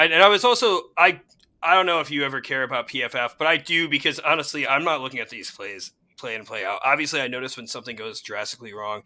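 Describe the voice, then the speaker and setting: A young man co-hosting a casual sports chat, excitable and fan-ish, quick to laugh. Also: a little high. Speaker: podcast co-host.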